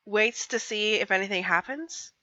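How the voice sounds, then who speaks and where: A woman narrating as game master of a tabletop game, relaxed and hesitant with fillers. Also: mid-range voice, normal speed, dry recording, muffled recording.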